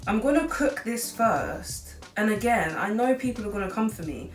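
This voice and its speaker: With a mid-range, animated voice at normal speed, this late-teen cooking vlogger chats casually and wanders off topic, leaning heavily on "like." She's seated at the counter of her home kitchen, far from the mic in an echoey room with background music.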